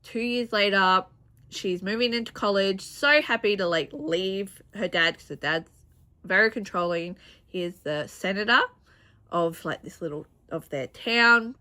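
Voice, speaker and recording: Young woman, twenties, crisp bright tone, rambling casual book chat to camera. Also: mid-range voice, measured pace. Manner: chatty and rambling, with frequent restarts and laughs. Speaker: booktuber.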